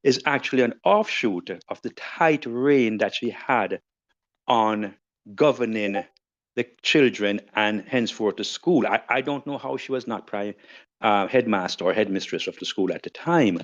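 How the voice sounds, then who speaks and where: Older man, formal tribute, unhurried, dull lo-fi recording. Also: lowish voice. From Jamaica. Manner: formal, measured and elaborate. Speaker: podcast guest. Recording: dull lo-fi audio.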